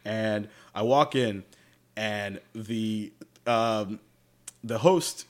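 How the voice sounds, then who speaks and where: A podcast host from Jacksonville, Florida, speaks in a fairly low voice and draws out his words. He swaps travel stories in a laid-back conversation, cursing freely and laughing along the way.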